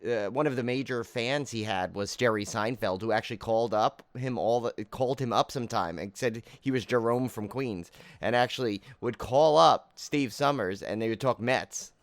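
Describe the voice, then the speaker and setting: A man co-hosting a podcast in a casual, animated chat, quick to crack jokes. His voice sits mid-range. The recording is dry and close to the mic. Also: mid-range voice, dry recording. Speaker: podcast co-host.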